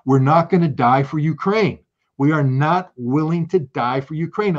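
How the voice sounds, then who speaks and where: Husky, emphatic man in a political monologue. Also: medium pitch, lo-fi sound. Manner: emphatic, repetitive, rising to forceful outbursts. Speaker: political commentator.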